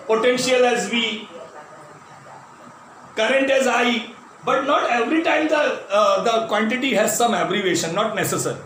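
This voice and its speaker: A man's voice: very high-pitched, fairly bright tone. A man teaching physics at a board with an Indian English accent, calling his students "my dear" and repeating key terms. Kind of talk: classroom lecture at a board. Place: classroom. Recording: very echoey classroom, voice from a distance, faint noise.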